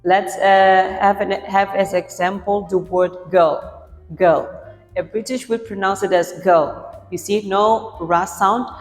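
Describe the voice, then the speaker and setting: A woman teaching pronunciation explains a lesson clearly, patiently repeating example words so learners can compare them. Her medium-pitched voice is steady, a little slow and nearly pause-free, set in a roomy space with a long reverb tail over faint music.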